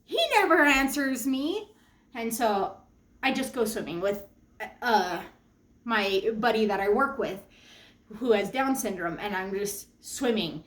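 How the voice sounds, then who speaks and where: A young woman talking straight to her audience in an animated, emphatic way, jumping into high quoted exclamations. Her voice sits fairly high. The room around her is echoey. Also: a little slow. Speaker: vlogger. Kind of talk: personal storytelling monologue.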